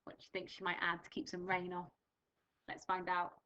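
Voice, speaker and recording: A woman's voice: on the low side, completely flat delivery, a little fast, bright, forceful tone, muffled recording. A young English woman teaching a primary school reading lesson, patiently explaining words and reading a storybook aloud with expression. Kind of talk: recorded remote reading lesson.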